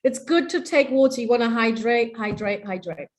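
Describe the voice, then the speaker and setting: A woman's voice: fairly high pitch, moderate pace. A woman presenting in an online webinar, playful and coaxing, leading the audience through breathing and laughter exercises over a video call.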